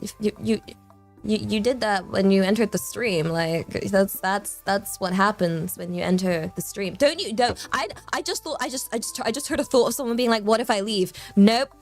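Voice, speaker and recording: A woman's voice: medium pitch, normal speed, faint music behind. A young woman from southern England with a southern English accent, chatting casually on a live stream in a bubbly, rambling way, repeating words as she talks.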